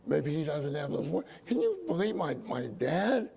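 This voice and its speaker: A man's voice: fairly high pitch, big pitch swings, moderate pace, vocal fry, dark tone. A man preaching a sermon at a conference, emphatic and repeating phrases for stress.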